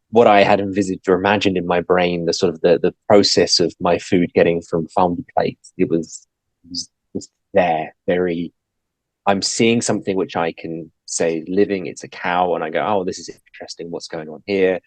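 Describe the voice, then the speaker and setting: A man's voice: deep voice, fairly even intonation, moderate pace, darkish tone, dry recording, low-quality recording. A man, a podcast guest telling his story in casual talk, hesitant with many fillers and restarts. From England.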